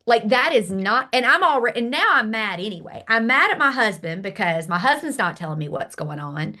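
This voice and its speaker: A middle-aged woman guest candidly telling a personal story, emphatic and animated. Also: on the high side, brisk, hardly any pauses. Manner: animated, emphatic, acts out quoted dialogue. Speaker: podcast guest.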